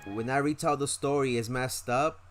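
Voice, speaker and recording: A man's voice: medium pitch, steady tone, normal speed, faint music behind. A young man hosting a reaction channel, telling stories casually and animatedly, full of fillers and swearing. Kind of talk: casual storytelling.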